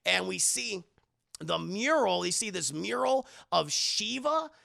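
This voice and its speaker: Gravelly, animated young man retelling a film. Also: high-pitched, slow, no room sound, studio quality. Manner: acts out each character's lines in shifting voices, swears freely. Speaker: streamer reviewing a movie. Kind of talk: animated retelling to a live chat.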